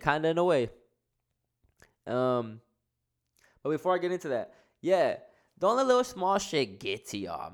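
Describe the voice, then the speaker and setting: A man hosting a solo podcast, talking in a rambling, profane, slang-heavy way while stoned. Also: medium pitch. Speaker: podcast host. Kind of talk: casual solo podcast monologue.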